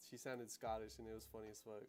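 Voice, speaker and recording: A man's voice: lowish voice, little pitch movement, fast, darkish tone, slight background noise. A young American man hosting a casual livestream, talking in loose slang, rambling through asides and laughing easily. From United States. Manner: slangy and loose, peppered with "bro" and "you know what I'm saying". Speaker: livestream host.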